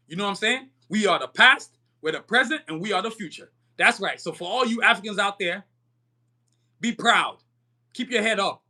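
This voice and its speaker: A man's voice: sits high, bright, forceful tone. A man hosting a live-stream podcast, ranting fiercely and profanely in streetwise slang and often checking in with his listeners. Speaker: podcast host.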